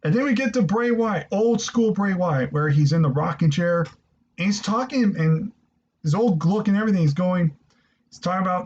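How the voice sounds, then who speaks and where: Male reviewer, high voice, excitable rambling delivery, muffled lo-fi sound. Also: moderate pace, a little hiss or hum. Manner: excitable, rambling, swears freely. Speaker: wrestling show reviewer. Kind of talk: casual spoken review. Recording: dull lo-fi recording.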